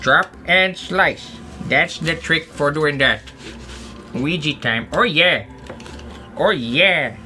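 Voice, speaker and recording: Goofy streamer with a bright voice. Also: male voice, on the high side, expressive, slow pace, soft background music. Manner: rambling, goofy self-talk with playful asides. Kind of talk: casual livestream chatter while crafting.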